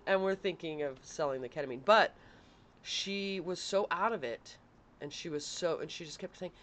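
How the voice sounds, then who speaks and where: A woman's voice: lowish voice, moderate pace, fairly bright tone, slight background noise. A woman co-hosting a casual chat, telling family stories bluntly and swearing freely. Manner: blunt, swears freely, laughs mid-story. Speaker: podcast co-host and parent.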